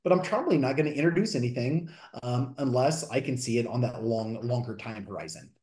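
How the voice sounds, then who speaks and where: A man around forty speaks as a guest on a podcast, with an earnest, energetic storytelling manner. His voice sits at a middling pitch and carries the ring of a roomy, echoey space. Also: a little fast. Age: 40s. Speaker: guest, fitness coach. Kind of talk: podcast interview.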